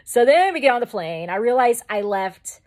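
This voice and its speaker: A woman's voice: on the high side, big pitch swings, moderate pace, darkish tone. A young woman vlogger telling a personal story in a casual, chatty way, rambling into side remarks and acting out her own past reactions. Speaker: makeup vlogger.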